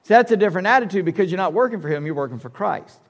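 A man's voice: high-pitched, animated, racing, long reverb tail. A male pastor preaching a sermon in an emphatic, conversational way with casual asides. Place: church sanctuary.

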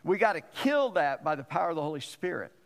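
A man's voice: on the high side, very animated, fast talker, gravelly, big-room sound. A man, a pastor preaching a sermon in an emphatic way and repeating phrases for stress.

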